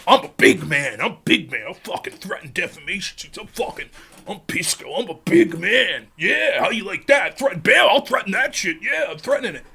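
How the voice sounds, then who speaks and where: A man's voice: sits high, big pitch swings, brisk, creaky, pushed and bright, slightly rough, full character voice. A man putting on a swaggering, profane macho lawyer who boasts about threatening lawsuits. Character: blustering macho male lawyer, mocking.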